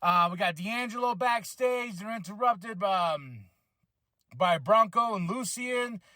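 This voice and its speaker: A man hosting a podcast, recapping a wrestling show in an excitable, rambling way with many restarts. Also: sits high, no echo. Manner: acts out wrestlers' lines in quick voices. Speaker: podcast host reviewing wrestling.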